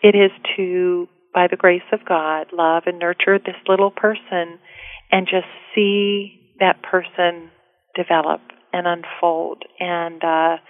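A woman's voice: fairly low pitch, fairly even intonation, takes it slowly, dry recording. A middle-aged woman, a guest author, speaking earnestly and from the heart in a casual interview. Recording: tinny phone line.

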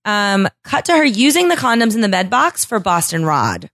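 A woman's voice: medium pitch, very animated, moderate pace, a bit bright, no room sound. A woman hosting a casual podcast, blunt, profane and sarcastic as she mocks what she reads. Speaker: podcast host.

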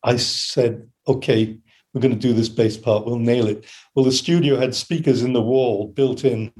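A man's voice: mid-range voice, normal speed. An older man telling studio stories in a casual interview, acting out other people's quotes and humming melodies as he goes. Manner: animated anecdotes, acts out quotes and hums melodies. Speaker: session keyboard player telling studio stories.

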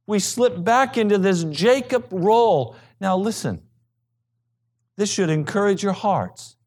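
A male pastor preaching a sermon with emphasis, swinging from loud high peaks to low quiet asides. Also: lively intonation, unhurried.

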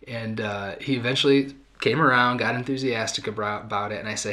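A man's voice: lowish voice, steady tone, a little fast, hardly any pauses, pushed and bright. A middle-aged man hosting a podcast, talking through listener questions in a thoughtful, conversational way with fillers and restarts. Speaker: podcast host. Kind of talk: reflective talk answering listener questions.

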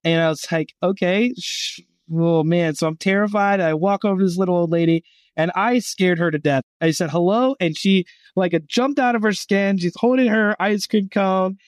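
At a normal pace and in a voice that sits high, a middle-aged man guests on a podcast for a Christian gap year college. Clean studio sound with no room sound carries his animated anecdotes, where he imitates the voices he's quoting.

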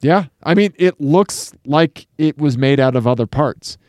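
A man co-hosting a podcast, chatting casually about cars, relaxed and quick with asides. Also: fairly high pitch, no room sound, studio quality. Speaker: podcast co-host.

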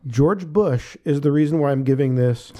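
A middle-aged man talks through a film in a relaxed podcast chat. His voice is warm and mellow, sitting a little high for a man. He rambles and hedges, often restarting his sentences. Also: normal speed. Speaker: podcast co-host. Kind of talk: casual movie review chat.

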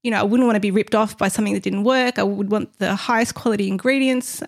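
A woman's voice: mid-range voice, steady tone, fast, gravelly, hardly any pauses. A woman co-hosting a casual podcast, talking about her business in an earnest, heartfelt way. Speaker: podcast co-host, business owner.

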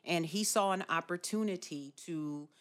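A woman's voice: lowish voice, moderate pace. A woman hosting a podcast, talking in an earnest, encouraging way with many fillers. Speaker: podcast host. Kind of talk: casual chat.

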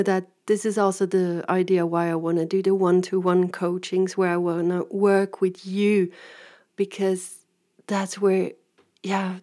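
Woman, warm relaxed timbre, chatty storyteller who rambles and laughs. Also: fairly low pitch. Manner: rambling, laughs often, acts out quoted voices. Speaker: vlogger and coach. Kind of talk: casual personal storytelling.

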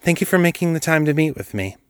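A man's voice: fairly high pitch, expressive, quick pace, smooth, no room sound, studio quality, voice pushed up, close to an everyday voice. A man voicing a woman investigator who speaks in a firm, purposeful way, raising his voice to play her. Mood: courteous.

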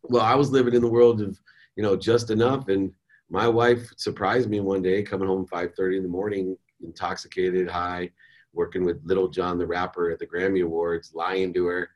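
A middle-aged man with a lowish voice guests on a podcast, sharing life lessons from his own experience. He's candid and animated at a moderate pace, sprinkling in words like "man" and "dude."

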